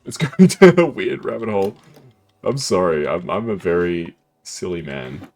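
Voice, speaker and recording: Playful low-voiced man streaming a game. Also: animated, moderate pace, darkish tone. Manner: playful, giggly, self-deprecating. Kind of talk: casual gameplay commentary.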